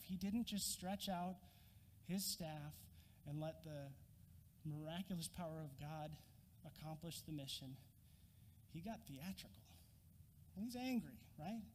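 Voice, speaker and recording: A man preaching a sermon, an animated storyteller who acts out scenes with a prop. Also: a little high, in a large hall, slight background noise. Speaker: pastor.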